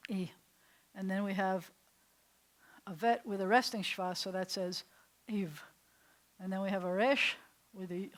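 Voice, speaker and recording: A woman, a rabbi teaching a small class in a classroom, chatty and step by step, often putting questions to her students. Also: medium pitch. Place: classroom with a small group seated.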